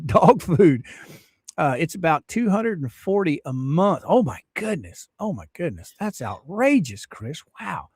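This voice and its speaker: A man's voice: a little high, dry recording, studio quality. A middle-aged man hosting a casual livestream from home, reading chat messages aloud and laughing often. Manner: chatty, laughs often, animated rises. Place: home streaming setup.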